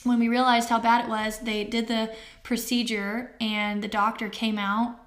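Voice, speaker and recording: A woman in her thirties giving a personal testimony as an interview guest, emotional and halting with many fillers, near tears. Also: a little high, little pitch movement.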